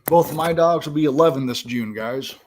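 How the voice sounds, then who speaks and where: A man's voice: on the high side, fairly quick, a little hiss or hum. A middle-aged man hosting a casual livestream from his home kitchen, chatty and swearing, often talking to his chat. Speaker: livestream host.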